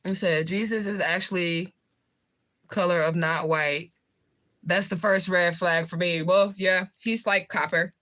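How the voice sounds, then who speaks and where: A woman from the southern US chats casually with livestream viewers, rambling loosely and talking while she eats. Her voice is fairly low and a little bright, with fairly even intonation and a measured pace.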